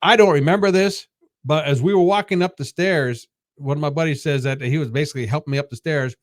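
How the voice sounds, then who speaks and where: Halting fifty-something guy rambling thru a story, dry close sound. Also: on the high side, dry recording. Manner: halting, repeats words as he recounts stories. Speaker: podcast guest. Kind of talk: casual storytelling.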